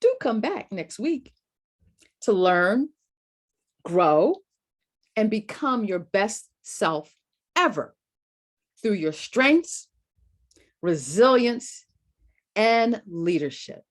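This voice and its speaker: A middle-aged woman hosting a motivational talk show, speaking with emphatic, drawn-out phrasing. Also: medium pitch, very animated. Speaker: podcast host.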